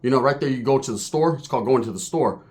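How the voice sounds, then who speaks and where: A man's voice: mid-range voice, fast, darkish tone. A man telling a crude prison story, swearing freely and acting out the other people's voices. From California. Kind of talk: profane storytelling monologue.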